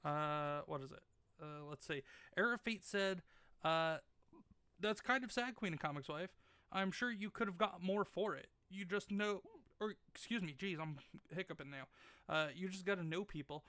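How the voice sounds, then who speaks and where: A man's voice: high voice, moderate pace, bright, forceful tone, clean tone, no room sound. A man hosting a live game stream from home, reading chat messages aloud and teasing his wife. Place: home, at the gaming setup. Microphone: desk mic left live.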